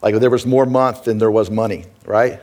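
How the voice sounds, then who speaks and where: A middle-aged man preaching from the pulpit, his voice sitting a little low. He talks in an earnest, conversational way and keeps turning to the congregation with quick asides. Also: steady tone, a little mellow. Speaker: pastor. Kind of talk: sermon.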